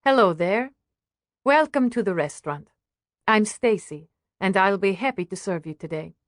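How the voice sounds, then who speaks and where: A woman's voice: medium pitch, animated, moderate pace, dry recording, studio quality, lightly acted. A woman voicing a cheerful older female waitress who sounds grandmotherly and welcoming. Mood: friendly. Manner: bright, bustling, welcoming.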